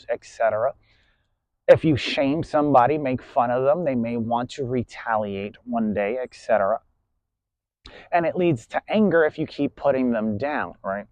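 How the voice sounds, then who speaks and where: A man's voice: mid-range voice, darkish tone, no echo. A man lecturing a class in a blunt, preachy way, swearing freely and tagging points with "right?". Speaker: class instructor. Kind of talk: lecturing monologue.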